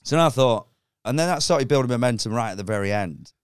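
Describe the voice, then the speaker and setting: A man's voice: medium pitch, animated, fast talker, smooth, dry recording. A man telling rambling comic stories on a podcast, laughing often and acting out voices. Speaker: comedian guest. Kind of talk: casual podcast chat.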